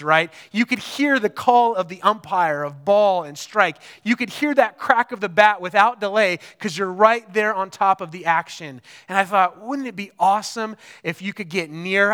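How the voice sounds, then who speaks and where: A man preaching a sermon in a conversational, animated way, often checking in with the listeners. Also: sits high, smooth. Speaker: pastor.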